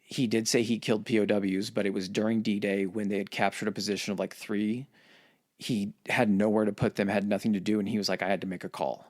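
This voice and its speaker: A man's voice: fairly low pitch, level tone, fairly quick, darkish tone. A man casually retelling war history on a podcast, swearing and acting out quotes in voices. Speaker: podcast host.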